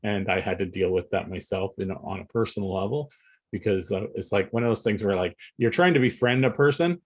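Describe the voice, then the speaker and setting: A man's voice: on the low side, a little fast, breathy edge. Rambling male podcast co-host. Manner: rambling, restarts often, laughs between points. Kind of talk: casual chat.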